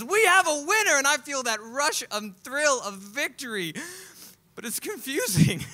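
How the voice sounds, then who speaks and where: Animated man telling a comic story. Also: high voice. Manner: animated, comic, acts out other people's lines. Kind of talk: live personal storytelling. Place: live stage at a music club.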